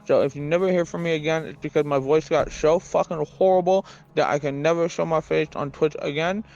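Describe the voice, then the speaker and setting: A man's voice: a little high, steady tone, brisk, vocal fry, darkish tone, lo-fi sound, faint music behind. A man recording a phone voice message while groggy after anesthesia, his speech thick and slurred from a swollen tongue.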